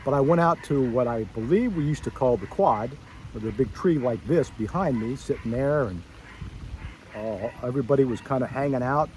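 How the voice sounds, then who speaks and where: A man's voice: medium pitch, moderate pace, a little hiss or hum, poor audio. A middle-aged man speaking to old schoolmates at a reunion, telling a story from his school days in a rambling way and acting out his younger self's reactions. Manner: storytelling, acts out his own past reactions with rising excitement; wandering, self-correcting asides. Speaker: former student addressing a school reunion. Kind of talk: personal reminiscence to old classmates.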